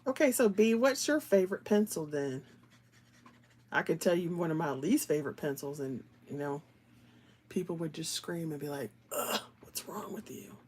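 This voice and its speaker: A woman's voice: deep voice, lively intonation, moderate pace, a little mellow, a little hiss or hum. A woman hosting a live stream, chatting casually with viewers as she colors, laughing often and slipping into whispers while she works. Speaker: livestream host.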